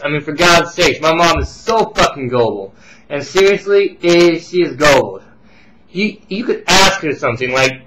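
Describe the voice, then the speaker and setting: A young man rants into his webcam, swearing loudly and heatedly. His voice sits a little high for a man. The home webcam recording carries clear background noise. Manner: profane, loud, ranting. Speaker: vlogger. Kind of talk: angry webcam rant. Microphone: webcam close to face.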